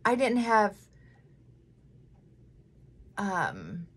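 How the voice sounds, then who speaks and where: Slow-talking emotional woman vlogger. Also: medium pitch, wildly swooping pitch, a bit bright, slightly rough. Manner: emotional, tearful, candid. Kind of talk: casual chat while doing makeup.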